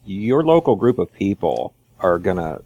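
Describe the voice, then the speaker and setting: A man's voice: low-pitched, very animated, measured pace, mellow, slightly rough, muffled recording. A man in a casual gaming podcast chat, making short wry remarks. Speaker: podcast co-host.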